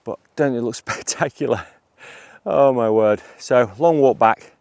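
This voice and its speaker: A middle-aged man, a landscape photographer, talking through his shots outdoors on a hillside, with excited, breathless bursts of wonder. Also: mid-range voice, measured pace, vocal fry, no echo. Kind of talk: outdoor vlog narration.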